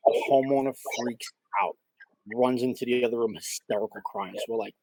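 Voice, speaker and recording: A man's voice: mid-range voice, a little fast, darkish tone, dry recording, rough recording. A man, a paranormal investigator, telling a case story in a casual interview with many fillers and acted-out quotes.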